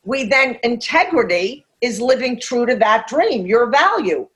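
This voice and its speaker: A woman's voice: a little high, sing-song, poor audio. Blunt, emphatic woman coach. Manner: emphatic, blunt, swears freely; acts out inner voices in quick asides. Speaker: master coach, podcast guest. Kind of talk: coaching talk in a podcast interview.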